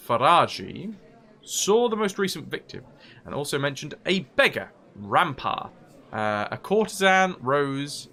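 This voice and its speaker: A man's voice: mid-range voice, sharp tone. A man streaming a role-playing game, reading quest text aloud and joking with his chat in a casual, laughing way. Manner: joking, chatty, laughs often.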